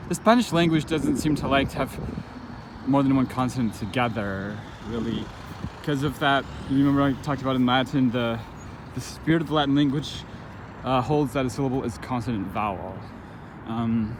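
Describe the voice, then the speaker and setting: A man giving an informal spoken lesson, thinking aloud as he goes, with halting restarts and frequent fillers. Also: mid-range voice, background noise. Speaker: language teacher.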